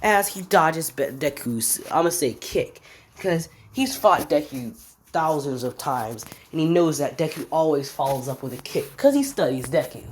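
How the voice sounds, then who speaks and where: A woman's voice: deep voice, animated, normal speed, slight background noise. A woman narrating a fan-made what-if story in a casual, rambling, slangy way, thinking aloud as she goes.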